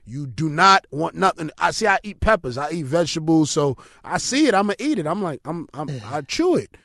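A man telling loud, profane stories in casual chat with friends. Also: on the high side, a little fast, creaky, no echo, clean studio sound. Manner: profane, animated storytelling.

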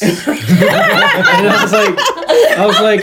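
Man podcast co-host, rambling stories, very animated pitch, faint noise. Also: normal speed. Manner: rambling anecdotes with lively quoted voices. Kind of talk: casual movie chat.

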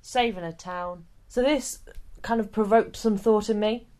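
A woman's voice: mid-range voice, measured pace, a little mellow. A woman co-hosting a podcast, explaining things step by step in a chatty, joking way. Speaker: podcast co-host. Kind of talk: casual chat.

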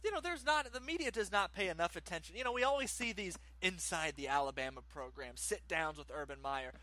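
A man co-hosting a podcast, chatting casually about sports with animated, ranting opinions. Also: sits high, brisk. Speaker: podcast co-host.

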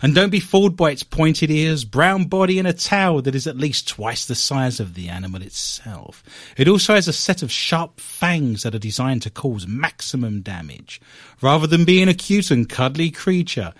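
A man's voice: fairly high pitch, animated, normal speed, no echo. A man doing a grand 1950s British newsreel narrator with an old-fashioned plummy accent. The voice swoops up and down through a wide range, clipped and theatrical. It sounds close and dry, with no room around it. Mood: mock grandiose. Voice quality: clipped, theatrical announcer delivery.

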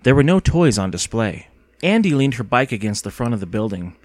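A man narrating a children's story in an expressive, storytelling way. His voice rises and falls a great deal. The recording is close and dry, with no room sound. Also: mid-range voice, fairly quick, no echo. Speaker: audiobook narrator. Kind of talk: scripted narration.

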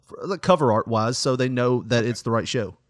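A man's voice: mid-range voice, fairly quick, no echo. Rambling male podcast host, dry mic. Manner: loose, rambling, laughs often. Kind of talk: casual podcast chat.

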